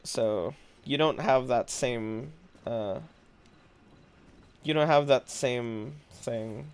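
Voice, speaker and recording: A man's voice: mid-range voice, very slow, clear, resonant tone. A man streaming a game live, chatting casually with viewers, musing aloud and laughing often. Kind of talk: casual live-stream chat while gaming.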